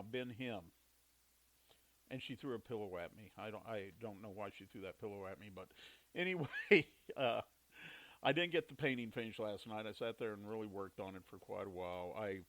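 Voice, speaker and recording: A man's voice: medium pitch, rough recording. Chatty rambling man telling stories. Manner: rambling, chatty storytelling with laughs and self-corrections. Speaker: podcast host. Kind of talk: casual monologue podcast.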